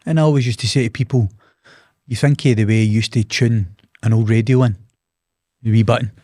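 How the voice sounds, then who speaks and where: A man's voice: medium pitch, steady tone, brisk, darkish tone, no echo, studio quality. A man hosting a casual chat, reflecting with homely comparisons. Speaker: host.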